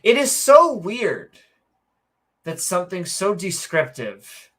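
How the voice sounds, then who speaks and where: A woman's voice: medium pitch, sing-song, slow. A woman co-hosting a casual podcast, reading out viewer comments in a rambling, joking way with lots of fillers and self-corrections. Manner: sarcastic, joking. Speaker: podcast co-host.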